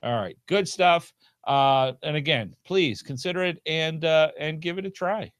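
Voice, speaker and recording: A middle-aged man co-hosts a casual podcast chat with a bouncy, game-show-host delivery. His voice sits a little high for a man. The sound is dry and close, with no room echo. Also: measured pace, a bit bright, smooth.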